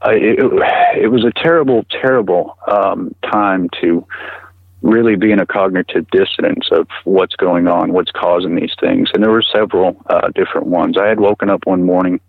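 A middle-aged man telling his story in an interview, halting and repeating words with many fillers, heard over a tinny phone line. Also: deep voice, little pitch movement, gravelly, slightly rough, no room sound. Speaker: guest recounting personal experience.

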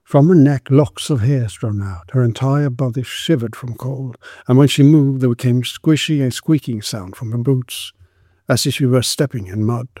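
A man narrating a period story in a measured, descriptive way. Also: mid-range voice, mellow, no room sound, studio quality.

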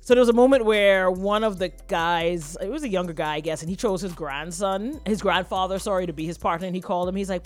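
A woman's voice: on the low side, quick pace, few pauses, soft background music. A woman co-hosting a casual live morning show, chatty and gushing, often laughing. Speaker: co-host.

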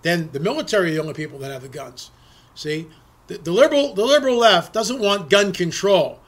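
Male talk radio host, high bright voice, indignant rants that stumble over repeated words. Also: lively intonation, fairly quick. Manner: indignant, ranting, repeats words while restarting. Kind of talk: political talk radio commentary.

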